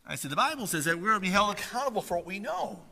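A man, a pastor, preaching a sermon and telling a personal story in an animated way, acting out the voices of the people in it. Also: high voice, very fast, vocal fry, in a large hall.

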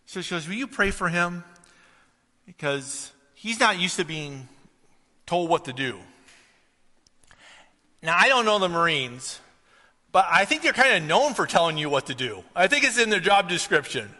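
A man's voice: high voice, sing-song, moderate pace, pauses often, bright, forceful tone. A man preaching a conversational sermon, telling a story and then rising to emphatic questions. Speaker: pastor. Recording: reverberant hall.

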